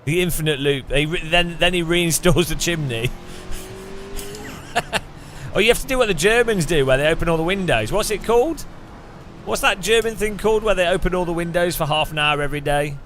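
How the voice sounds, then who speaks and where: A man's voice: a little high, fairly quick, a bit bright, slight background noise. A man giving casual, joking gameplay commentary, chatting and laughing often. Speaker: gaming streamer.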